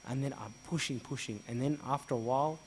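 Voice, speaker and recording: Male priest, mid pitch, lively raconteur who acts out quoted exchanges, faint background hiss. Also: fast talker. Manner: animated, re-enacts dialogue with rising pitch and volume. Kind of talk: storytelling interview answer.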